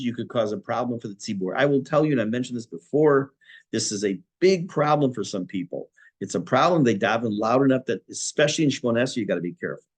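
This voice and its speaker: A man's voice: medium pitch, breathy edge. A man, a rabbi teaching a class on prayer, reading Hebrew texts and explaining them in plain, conversational English. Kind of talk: spoken Torah class on prayer.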